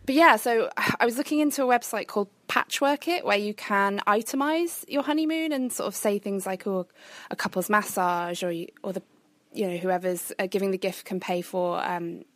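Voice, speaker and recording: A woman's voice: medium pitch, normal speed, no echo. A woman leaving a recorded question for a podcast, polite and hesitant, with many ums. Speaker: listener sending a recorded question. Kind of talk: casual recorded voice message.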